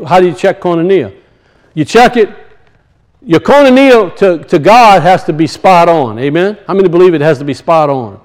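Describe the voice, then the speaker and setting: A man's voice: high-pitched, rough recording. A man preaching a sermon to a congregation, emphatic and repetitive, calling out to his listeners for a response.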